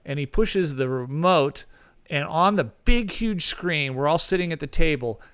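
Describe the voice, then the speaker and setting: On a casual podcast, a male co-host tells a long, rambling anecdote packed with fillers and restarts. His fairly high, smooth voice is animated and fairly bright, his pace a little slow, and there's no room sound at all.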